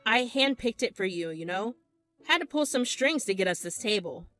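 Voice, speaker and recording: A woman's voice: medium pitch, lively intonation, moderate pace, fairly bright tone, soft background music, lightly acted. A woman voicing a jealous, domineering young husband who blusters and pushes. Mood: smug. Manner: pushy, blustering.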